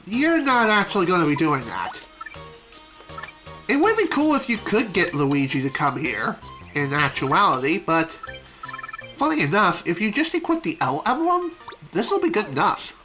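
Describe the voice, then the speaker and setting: A woman's voice: lowish voice, sing-song, normal speed, fairly bright tone, faint music behind. A woman streaming a video game, with casual, wry commentary.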